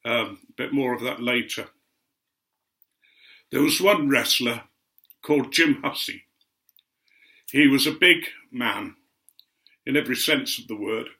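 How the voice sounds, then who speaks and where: A guest speaker from Otley in Yorkshire, England, this older man recalls memories in a rambling, anecdotal style. His tone is crisp and bright at an average pitch, and he talks a little slowly with frequent pauses. He chats and meanders, adding gentle asides.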